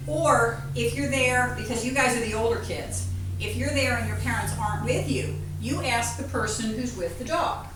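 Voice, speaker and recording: A woman veterinarian giving a playful, animated talk to a class of children, asking them questions. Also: fairly high pitch, normal speed. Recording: echoey room from far off, faint noise.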